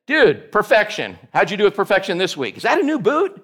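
A man's voice: very high-pitched, sing-song, brisk, few pauses, fairly bright tone. A man preaching a casual, joking sermon to a small group, teasing listeners by name. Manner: jokey, teasing listeners by name, playful asides. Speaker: pastor.

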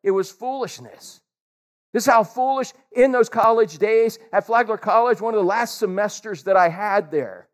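A man's voice: sits high, normal speed. A male pastor giving a casual, jokey sermon and calling out to people in the congregation by name. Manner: animated, jokey, addresses the congregation directly.

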